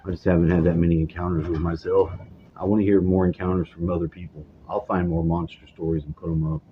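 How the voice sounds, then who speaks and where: Deep-voiced man rambling casually. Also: level tone, quick pace. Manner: meandering, swears casually, loses his train of thought. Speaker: vlogger. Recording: slightly dull lo-fi recording with faint hiss.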